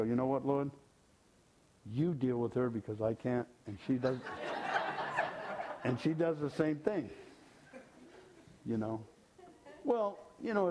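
A man's voice: on the high side, a little mellow. An older man giving an informal, folksy sermon, joking and repeating his phrases. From California. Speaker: lay preacher.

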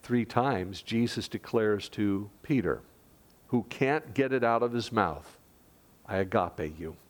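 A man's voice: mid-range voice, takes it slowly. Earnest male pastor preaching. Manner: earnest, conversational, with dramatic drops to a hush. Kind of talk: sermon.

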